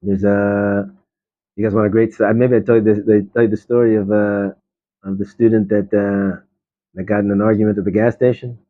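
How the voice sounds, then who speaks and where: Rabbi telling stories over a tinny line. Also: male voice, fairly low pitch, level tone, moderate pace. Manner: chatty, digressive, many restarts and fillers. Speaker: rabbi teaching a class. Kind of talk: informal Torah class with storytelling. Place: study hall classroom. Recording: tinny phone-like live stream audio.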